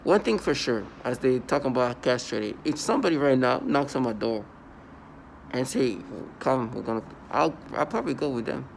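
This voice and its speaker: Defiant, scornful man with a gravelly voice. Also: mid-range voice, animated, normal speed, slight background noise. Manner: defiant, scornful, repeats and restarts words. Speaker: vlogger. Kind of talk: angry personal monologue to camera. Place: at home indoors.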